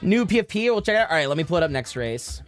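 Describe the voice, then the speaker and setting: A woman's voice: fairly low pitch, sing-song, very fast. A woman hosting a casual game livestream, joking and swearing freely as she runs community games. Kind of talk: casual game-stream chat. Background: faint music.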